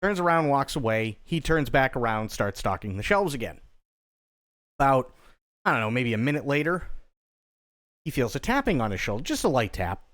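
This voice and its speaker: Lively young man on a livestream. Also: mid-range voice, moderate pace, long pauses. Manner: playful, laughs often, restarts sentences. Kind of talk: casual stream chat, joke telling.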